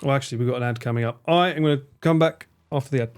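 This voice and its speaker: A man streaming a game live, joking, swearing and reacting loudly as he plays. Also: mid-range voice, very fast. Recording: game music playing behind.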